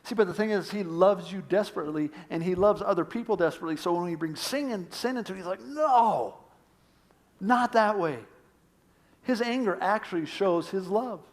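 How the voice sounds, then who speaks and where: A man preaching a sermon as pastor, earnest, swinging between emphatic points and hushed, quiet lines. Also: high voice, fast, few pauses.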